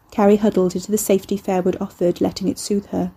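A woman reading a horror novel aloud in a measured, intimate narration. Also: mid-range voice, little pitch movement, mellow, breathy edge. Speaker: audiobook narrator.

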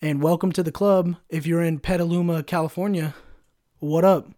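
A man hosting a casual solo podcast, telling a story in an animated way, with lots of swearing and fillers. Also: fairly high pitch, moderate pace. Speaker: podcast host.

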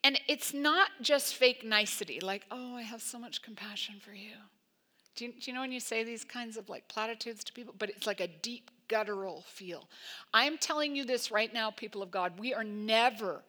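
Bright-voiced woman preaching emphatically. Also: on the high side. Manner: emphatic, conversational preaching with frequent "like" fillers. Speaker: pastor. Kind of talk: sermon.

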